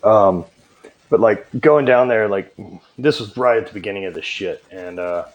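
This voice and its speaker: A man's voice: fairly low pitch, normal speed, muffled recording. A man from southwest Louisiana hosting a podcast, chatting casually and swearing freely. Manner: relaxed, swears a lot. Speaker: podcast host. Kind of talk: casual chat.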